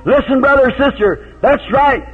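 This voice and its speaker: A man preaching a revival sermon in a folksy storytelling way, breaking into shouted hallelujahs. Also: very high voice, moderate pace, husky. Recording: tinny phone-like old tape.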